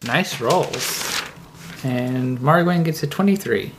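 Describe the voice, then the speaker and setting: Game master, slow measured narration, calm, tabletop game. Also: mid-range voice, a little hiss or hum.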